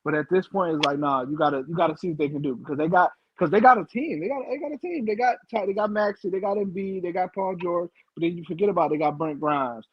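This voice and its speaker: A man's voice: high-pitched, slightly rough. A man on a sports podcast panel laying out his argument insistently in casual banter. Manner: fast, insistent reasoning. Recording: dull mic with faint noise.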